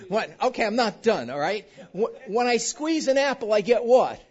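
A pastor preaching a sermon in a church, animated and quizzing the congregation with call-and-response questions. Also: male voice, high-pitched, moderate pace, few pauses. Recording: dull lo-fi recording.

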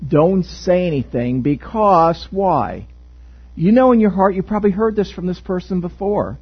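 A man's voice: high voice, husky, highs cut off. A male pastor giving an interactive sermon in a church, joking and asking the congregation questions. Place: church sanctuary.

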